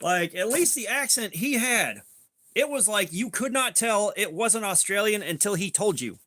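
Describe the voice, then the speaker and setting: A man's voice: high-pitched, expressive, moderate pace, pushed and bright. A man hosting a casual livestream, rambling loosely with lots of "like" and some swearing, and greeting chat viewers by name. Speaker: livestream host.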